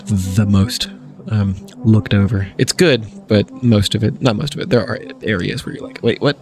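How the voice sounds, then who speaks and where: A man hosting a game channel, reading game text aloud as he plays, often laughing and making wry asides. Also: on the low side. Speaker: gaming channel host. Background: faint game music.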